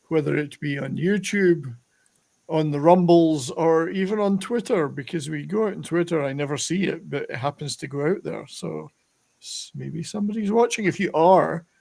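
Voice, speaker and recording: Scottish male host, gravelly, a touch high, chatty and jokey. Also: darkish tone. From Scotland. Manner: chatty, laughs often, jokey asides. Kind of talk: casual chat. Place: home in Alberta, Canada.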